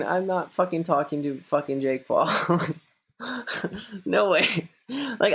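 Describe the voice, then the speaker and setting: A man's voice: expressive, a little slow, a bit bright. Young man streamer chatting casually. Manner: rambling, swears often, answers viewers; mocks a high gushing voice when quoting others. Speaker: streamer reading viewer messages. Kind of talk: casual live-stream chat.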